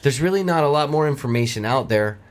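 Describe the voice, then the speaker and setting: A man co-hosting a casual podcast, reading out odd news headlines. He swears freely and keeps a laid-back, joking manner, with a voice of ordinary middle pitch. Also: lively intonation, quick pace. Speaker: podcast co-host. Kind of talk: casual chat.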